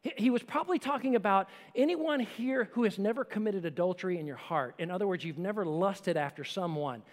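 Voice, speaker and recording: A man preaching a sermon with emphasis, swinging between forceful lines and hushed ones. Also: high-pitched, expressive, fairly quick, hardly any pauses, big-room sound. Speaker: pastor.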